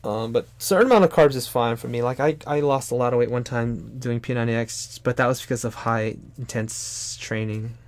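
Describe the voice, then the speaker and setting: A young adult man chatting casually while he draws on a live stream, rambling and animated, sometimes bursting into loud high put-on exclamations. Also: brisk, few pauses, no echo. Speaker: streamer and artist.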